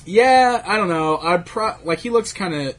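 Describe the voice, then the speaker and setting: A man with a slightly husky, raised voice hosts a relaxed talk about toy releases. He rambles, stacks up fillers and breaks into laughs. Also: sits high, moderate pace. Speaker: toy collecting show host. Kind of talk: casual chat about action figures.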